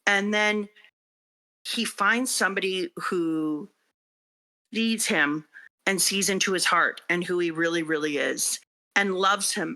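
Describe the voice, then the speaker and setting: Bright-voiced middle-aged woman, heartfelt. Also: fairly low pitch, takes it slowly, long pauses. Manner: heartfelt, animated storytelling. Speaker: guest, teacher reading manga for the first time. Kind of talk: casual podcast chat.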